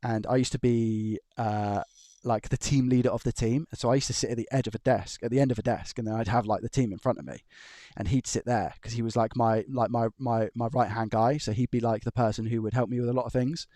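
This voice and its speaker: Live streaming from his own room, a man who repairs electronics rambles through stories, chuckling and starting sentences over. His mid-range voice is warm and brisk with fairly even intonation, and the studio-quality sound has no echo.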